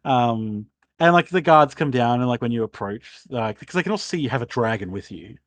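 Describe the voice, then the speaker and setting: A man's voice: medium pitch, expressive, fairly quick, a bit bright. A man narrating as game master, rambling with many fillers. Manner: rambling, full of fillers and laughs.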